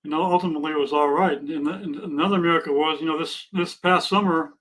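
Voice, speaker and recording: Earnest man in his sixties, higher voice. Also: fairly even intonation, quick pace, fairly bright tone, poor audio. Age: 60s. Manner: earnest, plainspoken, speaks of faith. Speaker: podcast guest. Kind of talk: casual interview chat.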